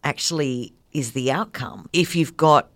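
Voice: medium pitch, measured pace, no echo. A radio show host interviewing a guest, conversational and affirming. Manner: lively, conversational, agrees often.

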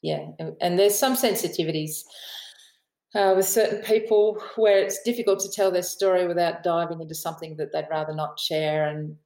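This Australian author and aviation writer, a podcast guest, is a chatty storyteller who laughs often and imitates the people she quotes. Her fairly low, dark voice has fairly even intonation at a normal speed. The sound is roomy and the recording low quality.

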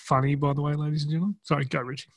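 A man's voice: a little high, level tone, very fast. A man co-hosting a casual podcast, joking around and often saying "mate". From Australia. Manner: jokey, says "mate" often. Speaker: podcast co-host.

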